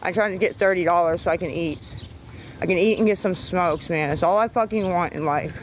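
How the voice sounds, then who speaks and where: A woman's voice: lowish voice, fairly quick, slight background noise, low-quality recording. A woman livestreaming on her phone, ranting in an agitated, profane way and rambling between topics. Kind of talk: rambling live-stream talk.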